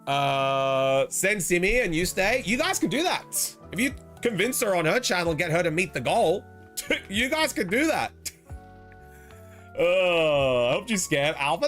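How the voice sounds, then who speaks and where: Lively bright Australian man. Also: high voice, a little slow, soft background music. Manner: chatty, laughing, slangy, reads chat aloud. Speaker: streamer. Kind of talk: casual chat with live chat.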